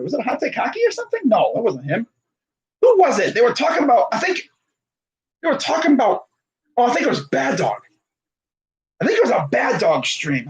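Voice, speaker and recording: A man's voice: high voice, breathy edge, poor audio. A man in his twenties chatting casually about sports on a stream, rambling with lots of fillers and self-corrections while reading live comments. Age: 20s.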